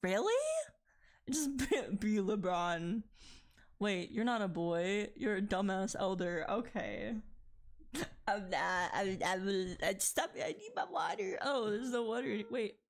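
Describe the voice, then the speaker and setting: A woman's voice: mid-range voice, animated, takes it slowly. A woman streaming while she draws, chatting casually with a friend and her chat, laughing often and swearing freely. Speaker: art streamer.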